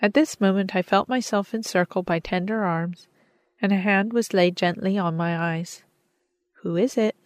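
A woman narrating an audiobook in a measured, gentle manner. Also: mid-range voice, no echo. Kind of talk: audiobook reading.

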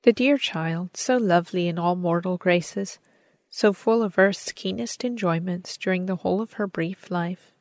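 A woman reading a story aloud as narrator, in a measured, earnest manner. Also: on the low side, a little mellow, no room sound. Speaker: audiobook narrator. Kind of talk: scripted narration.

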